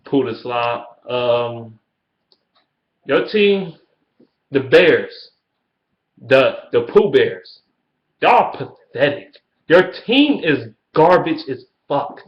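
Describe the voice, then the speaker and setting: A man's voice: expressive, slow, long pauses. Trash-talking man in an echoey room. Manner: trash-talking, profane, mocking taunts in a high sing-song. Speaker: sports fan vlogger. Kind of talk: ranting fan response video. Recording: echoey room, dull lo-fi sound.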